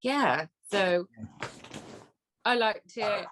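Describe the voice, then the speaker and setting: A Southwest English woman talks in a chatty, teasing way, ready to laugh. Her voice sits at an ordinary middle pitch. She sounds at ease in casual conversation. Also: expressive, extremely slow, fairly bright tone, a little hiss or hum. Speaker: co-host. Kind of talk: casual chat.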